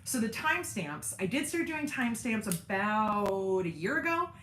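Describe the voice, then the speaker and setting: A woman's voice: medium pitch, very animated, normal speed, fairly bright tone, roomy sound, a little hiss or hum. A woman hosting a casual livestream, chatting with her viewers by name in a self-deprecating way. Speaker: sewing channel host on a livestream.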